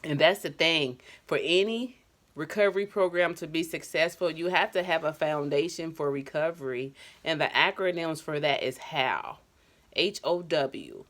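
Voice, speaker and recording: A woman with a notably low voice talks straight to camera like a personal vlog. She is middle-aged and tells her own story candidly, with casual slang and emotion close to the surface. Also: moderate pace, fairly bright tone. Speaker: addiction counselor.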